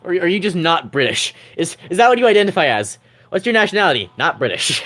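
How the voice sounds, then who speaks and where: A man's voice: high-pitched, very animated, a little fast, fairly bright tone. A man chatting with his livestream audience in a teasing, rambling way, laughing often. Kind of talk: casual livestream chat.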